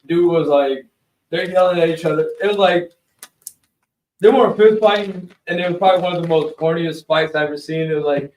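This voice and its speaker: A high-pitched man tells stories in an animated, profane rush. He sits back from the mic, and the room echoes around him. It sounds like a live webshow recap. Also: brisk, recorded from a distance. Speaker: show co-host.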